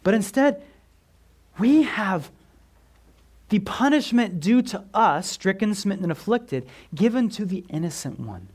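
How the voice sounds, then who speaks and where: A man preaching a sermon as pastor, emphatic, asking the congregation questions and swinging from loud stressed words down to a near whisper. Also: sits high, animated, a little slow, breathy edge.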